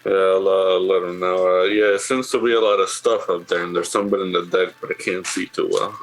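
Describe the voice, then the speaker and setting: Flat, low-voiced player. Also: male voice, fairly quick, low-quality recording. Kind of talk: casual tabletop play.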